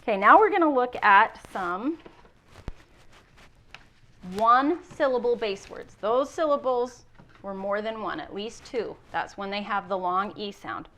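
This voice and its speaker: A woman teacher giving a recorded class lesson, slowly sounding out spelling rules in a patient, encouraging way. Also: medium pitch, expressive, fairly bright tone, slight background noise. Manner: slow, patient, sounding out words.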